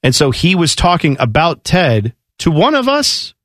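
A man co-hosting a radio show, chatting casually with animated asides and mock quotes. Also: a little high, measured pace, dry recording, clean studio sound.

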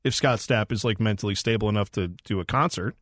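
A man's voice: fairly low pitch, no room sound, studio quality. A man hosting a talk radio show, bantering jokily and breaking into playful voices. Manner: jokey, animated, quick to mimic others. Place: radio studio. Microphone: studio microphone.

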